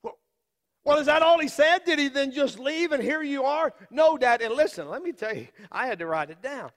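A man playing Mary's middle-aged father, telling the story in an earnest, halting first-person monologue. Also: extremely high pitch, animated, fairly bright tone, in a large hall. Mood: awed storytelling. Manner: slow, emphatic, with halting repeats and long pauses.

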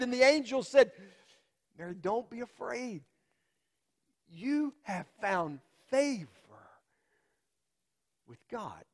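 A man playing Mary's middle-aged father, telling the story in an earnest, halting first-person monologue. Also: very high-pitched, in a large hall, exaggerated voice. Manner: slow, emphatic, with halting repeats and long pauses.

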